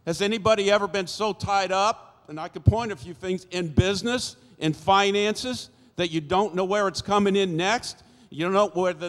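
Speaking from a church sanctuary with long hall reverb, this sixties-aged man shares his life story as a sermon-style testimony, playing the characters in folksy fashion. His voice sits high and keeps a normal pace.

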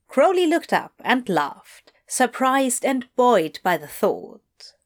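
Slow, expressive woman narrator. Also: a little high. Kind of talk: audiobook reading of fiction.

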